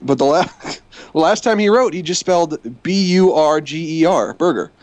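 A man hosts a casual livestream podcast, reading listener emails and picking them apart with wry sarcasm. His voice is a touch high, recorded very dry and close. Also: animated, normal speed, darkish tone, dry recording. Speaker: podcast host.

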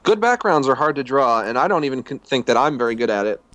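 A man co-hosting a casual podcast, reading listener emails aloud with quick, easygoing asides. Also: medium pitch, big pitch swings, a bit bright, no room sound.

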